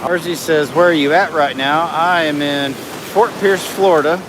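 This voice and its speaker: A middle-aged man with a voice on the high side runs a casual live stream, phone in hand at a beach inlet. His intonation stays fairly even at a moderate pace as he reads comments and narrates the scene, with outdoor noise behind him.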